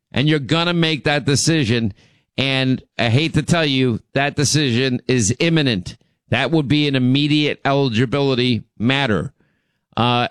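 A man's voice: mid-range voice, fairly bright tone, no echo, studio quality. A man hosting a talk radio show, delivering a blunt, indignant monologue full of rambling asides.

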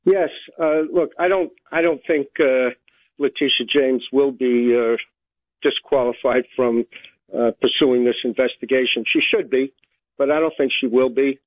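A man speaks as a radio guest in a hesitant, measured way, filling his pauses with uh's. His voice comes through a thin, tinny phone line. It is dry and mid-pitched. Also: dry recording. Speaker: guest commentator. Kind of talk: phone interview on talk radio.

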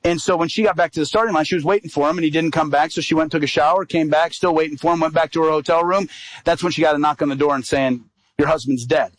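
A man's voice: a little high, fairly even intonation, quick pace, dry recording, low-quality recording. A middle-aged man, an evangelist, telling a personal story in a sermon and acting out the quoted dialogue.

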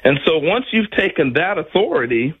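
An older man with a husky, slightly high voice tells his stories with a lot of rise and fall, slipping into the voices of the people he quotes and laughing between lines. The recording sounds a little dull, like a radio studio feed. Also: normal speed. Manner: animated storyteller, acts out other people's lines, laughs often. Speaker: former major league player, guest. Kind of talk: casual storytelling on a radio talk show.

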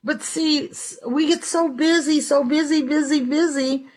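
Woman preacher, high-ish voice, chatty sermon style, acts out quotes. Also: fairly even intonation, a little slow, darkish tone. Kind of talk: conversational devotional sermon.

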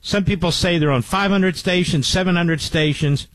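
A man's voice: high-pitched, normal speed, a bit bright, dry recording, low-quality recording. A man hosting a talk radio show, speaking emphatically and repeating key points for stress.

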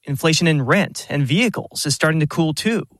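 A man reporting for radio news, reading a scripted economics story in an even, explanatory way. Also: a little high, fairly quick, no room sound.

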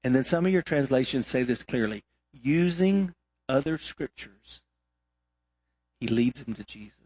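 A middle-aged man preaching a sermon as pastor, emphatic, swinging between loud exhortation and quiet asides. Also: medium pitch, animated, a little slow, slightly rough, no echo.

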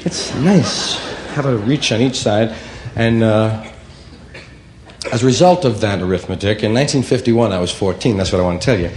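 A man telling loose, rambling stories in rough street slang. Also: on the low side, normal speed, darkish tone, roomy sound, slight background noise. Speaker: storyteller. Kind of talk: spoken storytelling.

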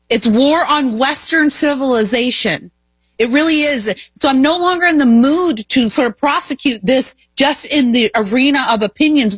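A woman's voice: high voice, fairly bright tone, husky, no room sound. A woman hosting a talk show, delivering an emphatic, opinionated monologue full of rhetorical questions. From Indiana, US.

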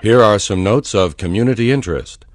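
A man reading mock community notices in a deadpan announcer manner. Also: lowish voice, a little fast, no echo, clean studio sound, faint music behind. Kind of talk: mock news bulletin.

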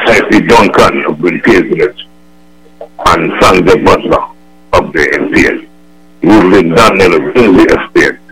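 Antiguan man calling in shout-outs. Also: sits low, poor audio. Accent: Antiguan Creole. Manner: lively, rattles off names and shout-outs. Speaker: radio caller. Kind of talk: call-in greetings on radio.

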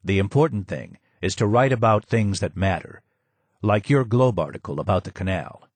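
A man reading the lines of a courteous elderly novelist in a soft, measured, polite voice. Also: fairly low pitch, lively intonation, husky, dry recording, pitched below the performer's own voice.

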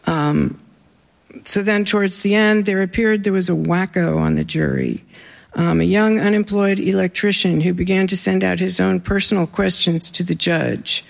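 A very gravelly, fry-heavy voice reads memoir pieces aloud at an even middle pitch. The reader keeps a wry, deadpan tone and breaks off for offhand asides to the listeners. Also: moderate pace. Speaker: author reading their own writing. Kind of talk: live reading of memoir pieces.

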